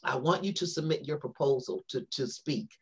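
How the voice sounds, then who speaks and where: A woman, a poet and author, telling a long personal story on an interview show in a rambling, animated way, full of fillers and restarts. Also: extremely low pitch, a little fast, breathy edge.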